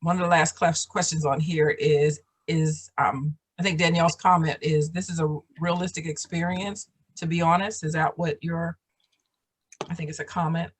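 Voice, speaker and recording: A woman's voice: sits low, fairly even intonation, normal speed, slightly rough. A woman hosting a casual video call chat, encouraging and full of fillers and restarts. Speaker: program host.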